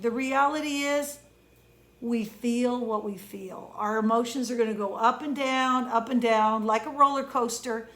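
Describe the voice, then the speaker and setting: A woman hosting a motivational pep talk as an emotion coach, speaking earnestly and conversationally and slowing down to stress key words. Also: on the high side, a bit bright.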